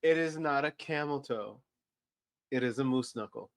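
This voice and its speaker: A man playing a tabletop game, talking in a playful, deliberate way. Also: medium pitch. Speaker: player. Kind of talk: joking table chat.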